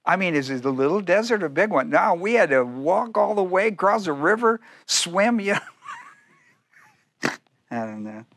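A man delivers a casual, animated sermon with a somewhat high voice. He slips into the voices of the figures he talks about and laughs at his own asides. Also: normal speed. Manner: animated, acts out speakers in first person, laughs often. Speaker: pastor.

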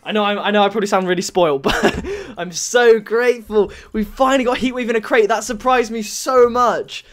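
Excitable young man gaming. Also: high voice, fairly quick, hardly any pauses. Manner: excitable, bursts into shouts and laughs. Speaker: gaming YouTuber. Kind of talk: excited game-opening commentary.

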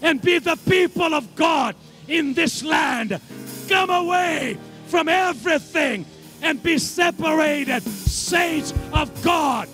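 A preacher with a strikingly high voice shouts his sermon across a big church hall, and the sound rings with long reverb. He speaks slowly and fervently, and his pitch swings widely as he rises to shouts and drops low again. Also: animated, soft background music. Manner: fervent, shouting calls to rise up. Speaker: apostle preaching.

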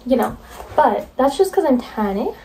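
A young woman talks straight to her camera in an excitable, chatty vlog manner, sprinkling "like" through her sentences. Her voice sits a little high for a woman. A faint hiss of noise lies behind her. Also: normal speed. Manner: bubbly and excitable, many fillers like "like". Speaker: vlogger. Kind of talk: casual vlog chat to camera.

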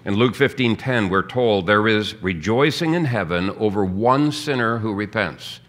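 A man's voice: lowish voice, animated, normal speed, fairly bright tone. A man preaching a sermon as pastor, teaching earnestly and reading out scripture. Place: church.

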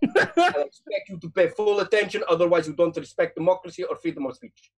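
A man's voice: high-pitched, lively intonation. A man voicing a pompous male Russian spy pundit with a put-on Russian accent and a slight lisp, lecturing long-windedly in improvised role-play. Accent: put-on Russian, drifting English. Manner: long-winded mock lecture, halting fillers.

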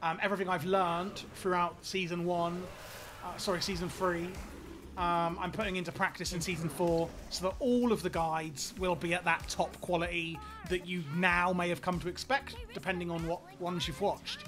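A man live-streaming a game, chatting casually with viewers in an excitable, rambling way, often stammering and repeating words. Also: high voice, normal speed, background noise.

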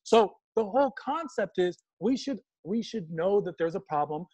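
With a high-pitched voice at a moderate pace, a Washington, D.C. panelist tells funny stories on a video call. His casual, animated storytelling often slips into mock voices.

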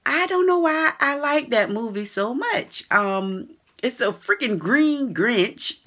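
A woman's voice: high-pitched, fairly bright tone. A woman vlogger chatting casually to her viewers in a chatty, slangy way, laughing often. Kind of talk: casual chat to camera.

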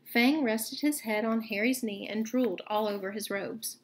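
A woman teacher reads a novel aloud to her book club. Her narration is lively and expressive, in a fairly high voice. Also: moderate pace.

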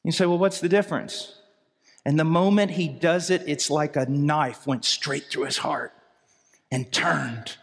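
A man preaching a sermon with fervent intensity, swinging between low, quiet passages and raised, urgent cries. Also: fairly even intonation, unhurried, vocal fry, slightly rough. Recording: hall reverb from a live sermon.

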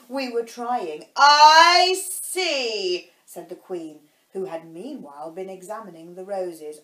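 Woman, teacher, storybook reading for children, slow, lively intonation, echoey room. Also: mid-range voice. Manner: slow, explains words to children.

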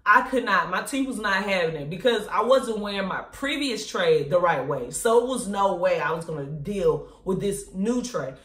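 Woman telling a lively, slangy story. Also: mid-range voice, normal speed, few pauses. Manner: animated, slangy storyteller who laughs often. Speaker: vlogger. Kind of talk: casual storytime. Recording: echoey room.

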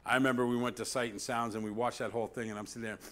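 Animated preaching man, loud to hushed. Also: mid-range voice, rapid-fire. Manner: repeats "See?" to the congregation. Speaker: pastor. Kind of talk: sermon.

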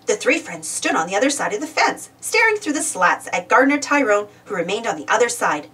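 A woman reading a children's storybook aloud with expressive, lively narration. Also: fairly high pitch, fairly quick, hardly any pauses. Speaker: storybook reader. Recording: voice distant from the mic.

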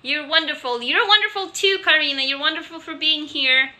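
Bright, high-voiced woman. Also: brisk. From Russia. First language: Russian. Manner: candid, chatty, frequent restarts and swearing. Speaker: livestreamer. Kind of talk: casual live-stream chat reading viewer comments. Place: home office, sitting on a couch. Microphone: handheld phone.

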